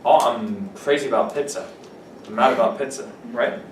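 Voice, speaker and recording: Distant teacher explaining words in an echoey classroom. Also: male voice, medium pitch, moderate pace, slight background noise. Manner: explains words with examples, asks students questions. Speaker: English teacher. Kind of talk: classroom vocabulary lesson. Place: classroom with students.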